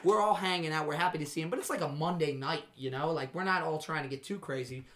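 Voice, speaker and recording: Woman host from Maryland, very low voice, teasing and steering a loose chat. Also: fast, a bit bright, a little hiss or hum. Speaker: podcast host. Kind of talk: casual podcast chat.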